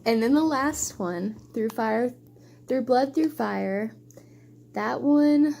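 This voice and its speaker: Here a young woman who vlogs about books talks through her recent reads in a relaxed wrap-up, emotional, effusive, and full of digressions. She speaks slowly yet animatedly, her fairly high voice gravelly and mellow.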